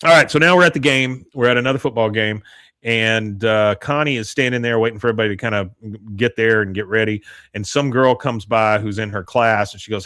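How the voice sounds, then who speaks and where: A man's voice: on the low side, a little fast, a bit bright, dry recording. A man hosting a podcast, chatting casually through a show recap, laughing often and filling his speech with uhs. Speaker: podcast host. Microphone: close mic, live stream.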